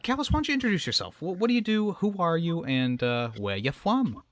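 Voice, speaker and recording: A man's voice: on the high side, sing-song, fairly quick. A man hosting a casual movie podcast, chatting loosely and correcting himself as he goes. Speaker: podcast host.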